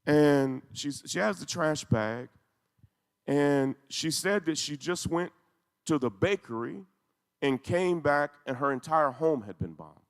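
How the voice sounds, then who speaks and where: Recorded in a hall with echo, a man delivers an intense, emotional story to a congregation, his emphasis steadily building. His voice is a little high and smooth, slow, with lively intonation.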